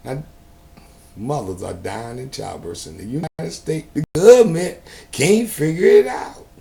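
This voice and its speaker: A man talking to the camera in a homemade video, preachy and sarcastic, often rising to loud outbursts. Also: mid-range voice, animated, unhurried, vocal fry, a little hiss or hum. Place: indoors at home.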